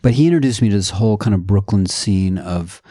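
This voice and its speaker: A middle-aged man from the United States, a podcast guest chatting in an animated, digressive way that slips into playful voices. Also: fairly low pitch, brisk, dry recording, clean studio sound. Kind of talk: casual conversation.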